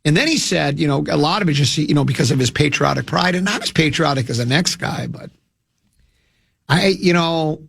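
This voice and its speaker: A man's voice: fairly high pitch, a little fast, gravelly, fairly bright tone, slight background noise. A man hosting a sports radio show, rambling and joking in casual studio chat, restarting his sentences often. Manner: rambling, jokey, full of restarts.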